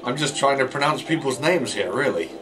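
A man gives casual let's play commentary in a plain mid-pitched voice, poking fun at his own driving. He trips over his words and repeats himself, with bright game music clearly audible behind him. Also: expressive, a little fast, poor audio. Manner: jokey, self-mocking, stumbling over words. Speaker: gameplay commentator.

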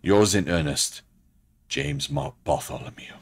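A man's voice: low voice, big pitch swings, a little slow, gravelly, heavily acted. A man voicing an eccentric letter writer with a put-on British accent, reading in an earnest, overly formal way. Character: eccentric man writing of presidential spirit guides.

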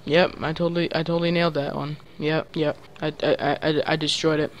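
A man giving excitable gaming commentary, trash-talking his teammates with sudden loud yelps. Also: fairly high pitch, fairly quick, lo-fi sound, a little hiss or hum. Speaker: gaming channel host.

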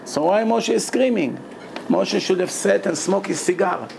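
A man giving a Torah lecture as a rabbi, animated and dramatic, laughing often and acting out quotes. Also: sits high, moderate pace, creaky, husky.

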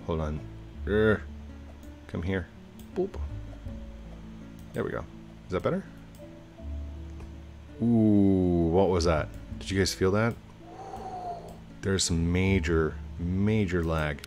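A man's voice: sits low, slow, long pauses, a little mellow, faint music behind. A man giving casual let's-play commentary, chatting playfully to himself and his viewers as he plays. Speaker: YouTube gamer.

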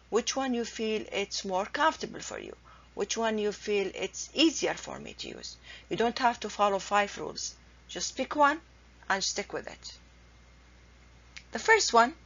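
Woman, a patient teacher, husky, slightly muffled lo-fi sound. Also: on the high side, a bit bright. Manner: patient, repeats examples slowly and carefully. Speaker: Arabic teacher. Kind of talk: explanatory language lesson. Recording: dull lo-fi recording.

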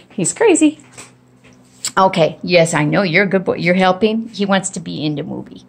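Filming on a phone in her hand, a woman in her home kitchen casually demonstrates dog training, her talk chatty and rambling, full of ums and restarts. Her voice is on the low side and husky, with vocal fry, lively intonation, and a normal pace. It's a casual home video demonstration.

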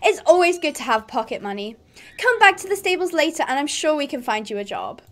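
A woman's voice: sits high, very animated, brisk, faint music behind. A woman voicing a cheerful teenage stable girl in a horse game, with a put-on American accent.

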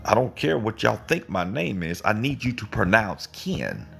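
A middle-aged man with a very low voice and a gravelly rasp, talking through scripture in a loose, rambling way. He repeats himself and his voice leaps up for emphasis. Soft music plays faintly behind him. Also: very animated, normal speed. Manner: rambling and repetitive, with emphatic pitch jumps. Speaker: online channel host. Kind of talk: informal live Bible teaching.

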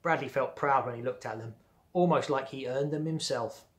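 A man reads a children's novel aloud for his class, slow and clear. His pitch sits in the middle for a man. He adds friendly asides between chapters. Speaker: primary school teacher. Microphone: home or classroom video recording.

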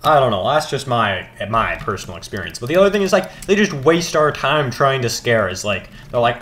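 A man's voice: mid-range voice, big pitch swings, brisk, hardly any pauses, a bit bright. A teenage boy rambling casually while gaming, laid-back and mumbling with hesitant fillers. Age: teens. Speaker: gaming vlogger. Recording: faint background noise, keyboard clicks.

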